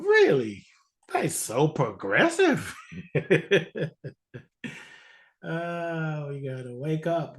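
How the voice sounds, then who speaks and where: A man hosting a live gathering, introducing speakers in a playful, joking way and laughing often. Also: a little high. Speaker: event host.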